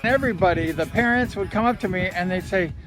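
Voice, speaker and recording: A man's voice: high-pitched, fast talker. A man, a former motorcycle racer, telling amused stories in a casual vlog, speaking outdoors by the ocean. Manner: chatty, amused, self-deprecating storyteller. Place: outdoors by the ocean at low tide with his dog. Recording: background music under the voice.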